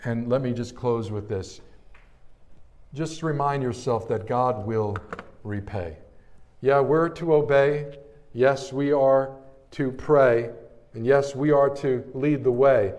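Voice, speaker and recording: A middle-aged man preaching a sermon, telling stories from his ministry and swinging between hushed passages and loud, excited ones. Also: medium pitch, takes it slowly, pauses often. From New Jersey area, Italian-American family. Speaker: pastor. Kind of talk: sermon with personal storytelling.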